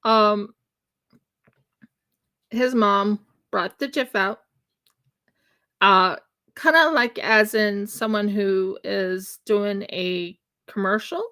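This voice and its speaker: Slow, bright-voiced woman telling a story. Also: mid-range voice, clear, resonant tone. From United States. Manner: chatty, animated, acts out dialogue in her story. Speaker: craft livestream host. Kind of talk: casual storytelling while crafting. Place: home craft room.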